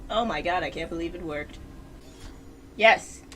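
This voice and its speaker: Talking a little slowly in a fairly low voice, a woman livestreams a game, addressing her chat and the character and shrieking and cursing at each death. Game music and heavy background noise surround her.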